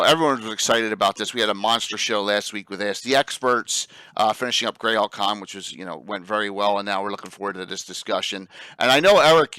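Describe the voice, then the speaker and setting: A man with a South Jersey accent hosts a casual show, talking chattily and laughing easily. His voice is bright and forward. It is recorded dry and close to the mic. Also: fairly low pitch, clean tone, dry recording. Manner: chatty, laughing, many fillers and restarts. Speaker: podcast host. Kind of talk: casual chat.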